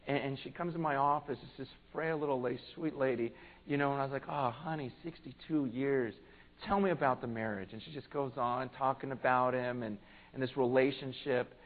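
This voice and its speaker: A pastor preaching a fervent sermon. He swings from loud, urgent passages to hushed storytelling and often repeats words as he restarts a line. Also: mid-range voice, brisk. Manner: repeats words and starts lines over. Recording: tinny phone-like sound.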